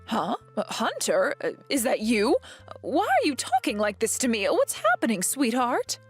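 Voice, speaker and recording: A woman's voice: on the high side, wildly swooping pitch, normal speed, breathy edge, faint music behind, full character voice. Woman playing a possessive, self-righteous mother-in-law. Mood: defensive. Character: domineering, possessive middle-aged mother-in-law. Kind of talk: dramatized text-message story.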